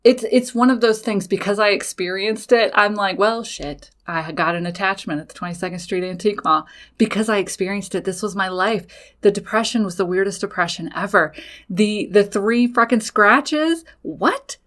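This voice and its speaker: A woman who is a mother and a podcast host, casually telling a personal story, animated, swearing freely and talking straight to her listeners. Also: medium pitch, normal speed. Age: adult with children.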